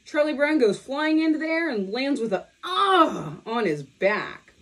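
A woman reads a children's storybook aloud at a relaxed pace. Her pitch climbs and dips constantly, lively and bouncy. She is from California and gives each character a voice of their own. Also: moderate pace. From California, USA. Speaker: storybook reader.

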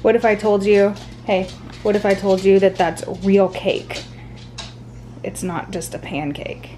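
A woman's voice: mid-range voice, fairly even intonation, unhurried, warm tone, a little hiss or hum. A woman chatting casually in a home vlog, often laughing and speaking sing-song to her children, recorded on a handheld camera. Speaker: family vlogger and mother. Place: family home indoors.

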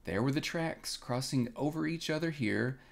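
A man calmly and expressively reading a classic children's book aloud as a bedtime story. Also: medium pitch, normal speed, gravelly. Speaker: storybook reader.

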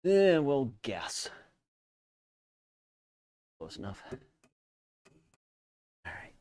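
Brief: lively, up-and-down man, casual game streamer, dry close sound. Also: medium pitch, very slow, no echo. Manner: chatty, laughs often, self-mocking. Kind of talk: casual live-stream chat. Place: unfinished home basement.

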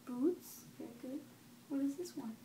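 A woman's voice: high-pitched, normal speed, dark tone. A young woman reading a picture book aloud to her toddler at home, asking patient, encouraging questions. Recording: echoey room with faint background noise.

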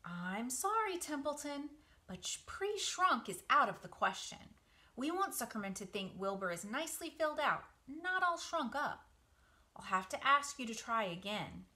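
A patient, clever spider with a motherly calm, read by a woman from a storybook. Her voice is bright and lively, rising when she gives orders. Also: high voice, normal speed, pitched above the performer's own voice, full character voice.

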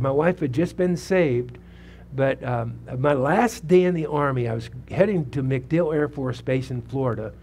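With a medium-pitched, slightly mellow voice and a little hiss or hum on the recording, a man in his seventies preaches in a church sanctuary. The pastor's sermon includes his personal testimony, delivered conversationally with questions to the congregation.

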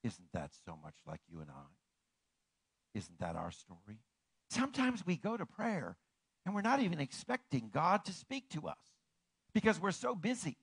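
A man pastor delivering a sermon in an animated way, swinging from hushed, slow passages to ringing declarations. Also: fairly high pitch, breathy edge, no room sound, low-quality recording.

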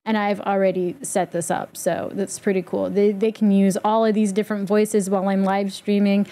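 A woman walking through a software setup in a casual, chatty tutorial, explaining step by step with easy fillers. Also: medium pitch, level tone, moderate pace. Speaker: streamer giving a setup tutorial. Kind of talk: casual screen-recorded tutorial.

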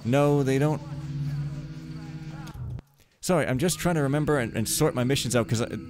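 A man's voice: medium pitch, moderate pace. A man giving rambling, wry gameplay commentary as a let's play host, talking to himself as he plays. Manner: wry, joking, talks to himself. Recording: game music behind voice. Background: game music.

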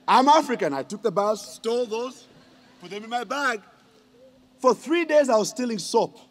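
A man from Uganda, there to accept an honorary degree, jokes through his ceremonial speech and teases the crowd with questions. He speaks expressively at normal speed, his voice extremely high.

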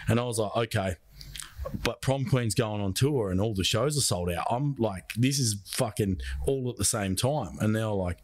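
An Australian man spins a story as a podcast guest, swearing often and acting out what everyone said. His voice sits fairly low. The recording is dry, with no room sound. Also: no echo. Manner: profane, animated, acts out quoted dialogue. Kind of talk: casual storytelling chat.

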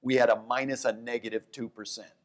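A man, an economics professor, talking onstage in a lively, fast way that often breaks off and corrects itself. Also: mid-range voice. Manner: animated, talks in quick bursts, restarts and corrects himself. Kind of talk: onstage conversation.

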